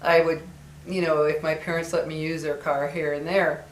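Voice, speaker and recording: A woman's voice: deep voice, flat delivery, normal speed, slight background noise. Older woman vlogger, chatty storyteller, records in a roomy, echoey space. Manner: chatty and reminiscing, acts out quoted voices. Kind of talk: casual chat to viewers.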